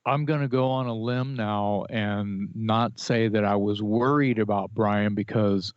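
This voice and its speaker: A man co-hosting a podcast, talking about music in casual chat with strong opinions and lively restarts. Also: lowish voice, a little slow, no room sound. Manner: opinionated, animated, with restarts and fillers. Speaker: podcast co-host. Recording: dry, slightly dull podcast audio.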